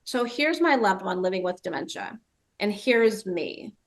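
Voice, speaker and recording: A woman's voice: medium pitch, animated, unhurried. A woman dementia trainer giving a webinar presentation, telling a story and acting out the quoted voices.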